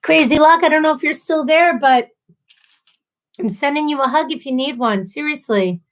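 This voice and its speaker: A woman's voice: high-pitched, normal speed. A woman hosting a casual live stream, reading viewer comments aloud and answering them with sympathy and playful asides. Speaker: livestream host.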